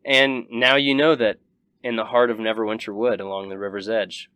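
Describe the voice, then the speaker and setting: A man's voice: fairly low pitch, clean tone, no room sound. Young guy dm-ing a tabletop game, laid back, dry close mic. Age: 20s. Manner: relaxed, halting, with fillers. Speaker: game master.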